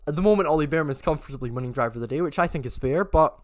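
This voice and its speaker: A man's voice: on the high side, lively intonation, racing, no echo, studio quality. A man hosting a race watchalong, giving live chatty commentary and often correcting himself mid-sentence.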